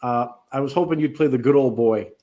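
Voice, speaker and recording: A man co-hosting a podcast in casual chat, excitable and swearing casually. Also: medium pitch, a little fast, muffled recording. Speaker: podcast co-host.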